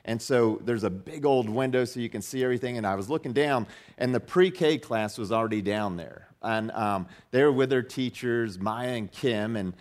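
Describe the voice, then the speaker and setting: Casting: male pastor, mid-pitched voice, relaxed conversational sermon delivery, restarts and fillers, leans into quoted lines. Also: moderate pace.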